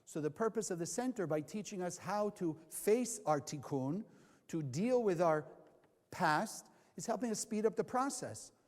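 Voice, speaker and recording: A man's voice: high voice, expressive, normal speed, darkish tone. A man from California teaching a Kabbalah class, asking the audience questions and answering them himself. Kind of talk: lecture to a live class. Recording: long hall reverb.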